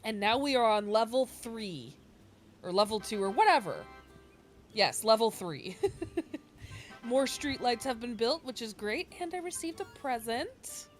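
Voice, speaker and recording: A woman hosting a video game playthrough, chatting excitedly and laughing as she plays. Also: on the high side, a little slow. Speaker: let's play host. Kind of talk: casual gameplay commentary. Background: game music.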